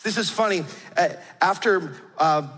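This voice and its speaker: A man's voice: sits high, a little slow, a bit bright. A man preaching a sermon, telling stories earnestly with frequent restarts. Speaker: pastor. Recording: long hall reverb.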